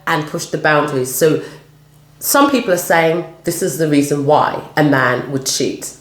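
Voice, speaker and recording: Deep-voiced and moving at a moderate pace, this vlog host chats casually while eating, guiding the talk by asking questions. There's a roomy echo in the recording, plus faint background noise.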